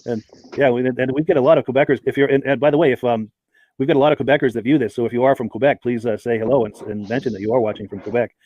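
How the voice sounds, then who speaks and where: A man's voice: medium pitch, steady tone, very fast, darkish tone, no room sound, highs cut off. A man hosting a live podcast, chatting and reading out viewers' names and hometowns. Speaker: podcast host. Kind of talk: live-stream podcast chat.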